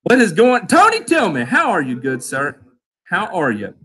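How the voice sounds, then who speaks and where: Man, lawn care host, loud, playful, high and bright voice, swinging pitch. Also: measured pace, breathy edge. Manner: loud, animated, playful shout-outs. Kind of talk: live stream chat roll call.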